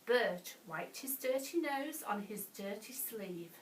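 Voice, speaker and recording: A woman reading a bedtime story to children, animated, with gasps and playful asides. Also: mid-range voice, slow pace, hardly any pauses, distant mic. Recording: echoey room, voice off-mic.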